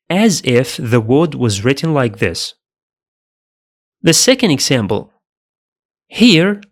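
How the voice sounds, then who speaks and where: A man narrating a language lesson at an unhurried, very slow pace. He speaks with care and repeats every example sound twice. His pitch sits mid-range. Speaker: Arabic teacher.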